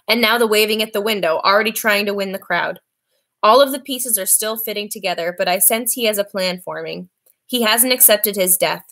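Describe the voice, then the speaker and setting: A woman reading a novel aloud in a steady, clear voice. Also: mid-range voice, fairly quick. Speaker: reader.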